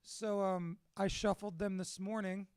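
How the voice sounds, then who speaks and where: A tattoo studio owner hosts a gathering and speaks casually to the people in the room. His high-pitched voice is smooth and measured, recorded with no room sound, and his talk is profane, excitable, and heartfelt.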